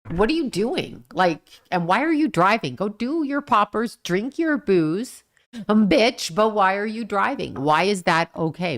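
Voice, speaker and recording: A middle-aged woman hosting a casual livestream, answering chat comments and ranting bluntly with plenty of swearing. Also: mid-range voice. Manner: blunt and profane, rants and swears at the people she discusses; talks back to chat comments. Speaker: livestream host reading chat.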